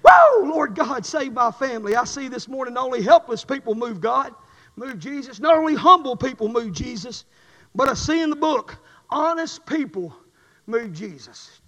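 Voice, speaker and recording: A middle-aged man preaching a sermon, swinging from quiet testimony to shouted fervor. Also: very high voice, long reverb tail.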